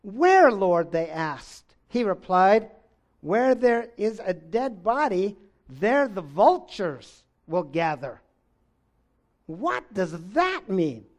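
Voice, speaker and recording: A man preaching a sermon, reading scripture aloud and swinging between loud exclamations and low, intense stretches. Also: sing-song, takes it slowly.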